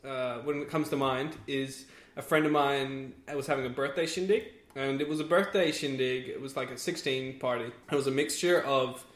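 A man's voice: medium pitch, steady tone, normal speed, fairly bright tone. An Australian man telling a story in casual chat, chatty and laughing as he goes. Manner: chatty, laughs through his stories. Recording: echoey room.

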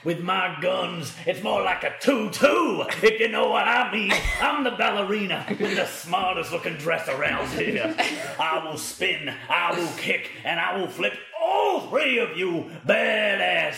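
A man doing a gravelly boastful ballerina brawler. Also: high voice, expressive, a little slow, few pauses, a crowd in the background, full character voice. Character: boastful burly male ballerina wrestler. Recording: echoey room. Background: group laughter.

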